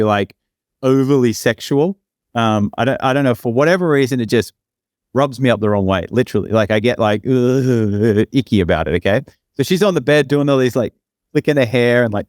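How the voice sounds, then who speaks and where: A man's voice: darkish tone, no echo, studio quality. Rambling young man telling a story. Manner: rambling, acts out quoted lines with big pitch jumps. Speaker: podcast co-host. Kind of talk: casual storytelling.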